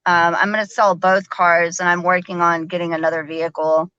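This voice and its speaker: A woman's voice: fairly low pitch, little pitch movement, fairly quick, pushed and bright, clear, resonant tone, no echo, dull audio. A woman hosting a live stream in casual chat, chatty, laughing often and using lots of fillers. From American South.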